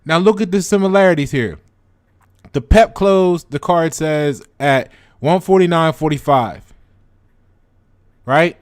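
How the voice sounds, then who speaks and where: Guy chatting stocks to his viewers, kinda high voice, dry close sound, keeps repeating himself. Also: a little slow, long pauses, no echo. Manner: conversational, repeats words, addresses viewers directly. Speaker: stock trading channel host. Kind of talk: casual explanatory chat to viewers.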